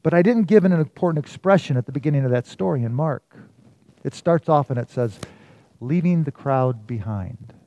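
Pastor with a mellow, slightly high voice. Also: male voice, brisk, no echo, muffled recording. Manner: storytelling with dramatic swings from loud to hushed. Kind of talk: sermon.

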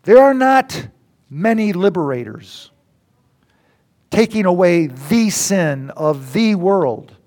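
A middle-aged man preaching a sermon, swinging between loud exclamations and near whispers. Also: high voice, very animated, slow pace. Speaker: pastor.

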